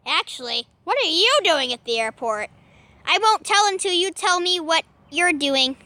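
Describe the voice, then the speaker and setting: A woman's voice: extremely high pitch, animated, moderate pace, pushed and bright, dry recording, heavily acted. A woman voicing a weary, easily annoyed male ghost puppet who sighs and stammers in a homemade toy skit. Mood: exasperated. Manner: sighing, exasperated, stammering.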